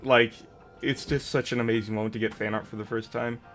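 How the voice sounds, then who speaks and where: A man in casual stream chat, his voice sitting at an ordinary middle pitch. He rambles through long tangents with jokes at his own expense, and faint music plays softly underneath. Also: flat delivery, brisk. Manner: rambling, jokey, self-deprecating. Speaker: streamer host.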